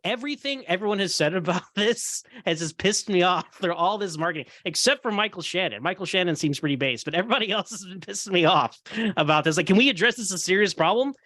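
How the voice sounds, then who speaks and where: A man hosting a casual roundtable podcast, ranting in an animated, heated way and acting out quoted voices. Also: high-pitched, fast, few pauses, no echo. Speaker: podcast host.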